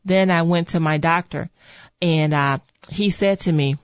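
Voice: mid-range voice, a little slow, dry recording. Earnest encouraging pain coach talking, dull dry lo-fi audio. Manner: earnest, encouraging, repeats "okay" and "see". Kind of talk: motivational talk.

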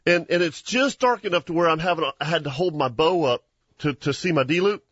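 A husky, slightly high-pitched man spins a lively hunting tale for his show. He laughs often and restarts his sentences. The sound is dry and a bit dull, like a lo-fi studio recording. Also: fairly quick, dry recording. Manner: animated storyteller, laughs often, many restarts. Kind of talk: casual storytelling chat.

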